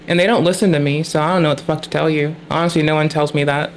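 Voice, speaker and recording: A woman's voice: sits low, fairly even intonation, fast, hardly any pauses, slight background noise. A woman streamer in casual livestream chat, ranting with heavy, constant swearing.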